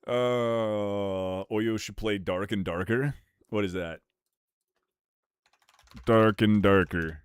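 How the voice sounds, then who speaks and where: A man's voice: very slow, long pauses, clear, resonant tone, dry recording, studio quality. A male streamer in casual chat with his viewers, rowdy, jokey and profane, bursting into rants. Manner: rowdy, profane and jokey, ranting with pitch jumps.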